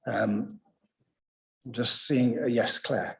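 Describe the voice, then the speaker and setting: A man's voice: mid-range voice, very slow, creaky, fairly bright tone. A man chairing a council committee, courteous and wordy as he thanks and calls on speakers.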